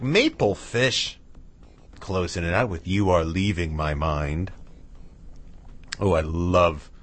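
A man back-announcing tracks on his radio show, drifting into chatty, self-mocking asides. His husky, lowish voice moves slowly but swings widely in pitch. A faint bed of music sits under his voice. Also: fairly bright tone. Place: home radio booth with his dog. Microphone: studio mic with headphones.

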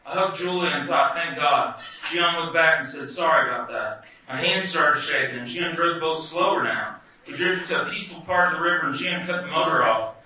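A man's voice: a little high, a little fast, hardly any pauses, bright, forceful tone, far from the mic. Wry man telling a story in an echoey hall. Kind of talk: first-person story performed live.

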